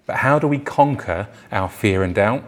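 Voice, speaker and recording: A man's voice: on the low side, expressive, moderate pace. A male pastor preaching a conversational sermon in church, acting out the quoted voices in his stories.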